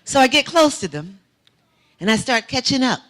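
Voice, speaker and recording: A woman's voice: sits high, sing-song, normal speed, a bit bright, a little hiss or hum. A woman giving a testimony sermon in a church, telling a vivid story that swells into emphatic preaching. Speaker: guest speaker. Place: church sanctuary.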